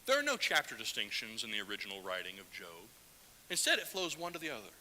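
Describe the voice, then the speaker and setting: Male preacher, sermon, animated and bright, scripture read with feeling, reverberant sanctuary with light hiss. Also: lowish voice, fast talker. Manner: reads scripture aloud with strong feeling, asks the listeners questions. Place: church sanctuary. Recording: roomy church hall with faint hiss.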